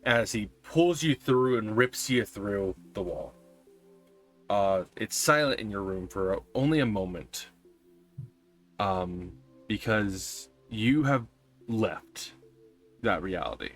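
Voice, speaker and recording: A man's voice: on the low side, expressive, takes it slowly, pauses often, soft background music. A man narrating a tabletop game as game master, describing scenes with frequent ums and uhs.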